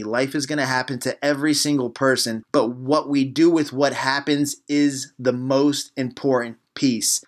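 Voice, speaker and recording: A man hosting a motivational podcast as a life coach, fired up and preachy, hammering home short repeated phrases. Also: mid-range voice.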